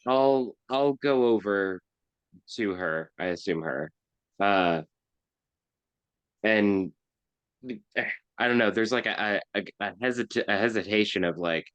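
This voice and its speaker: A man playing in a tabletop game, talking casually, excited and stumbling over his words. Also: lowish voice, dry recording, dull audio. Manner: excited, quick, stammering. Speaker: player.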